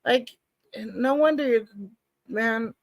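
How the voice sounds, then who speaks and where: A woman's voice: a little high, slow pace, gravelly, no room sound. A woman commentating live on a trial, skeptical and talking back to the lawyer. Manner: skeptical, talks back to the proceedings.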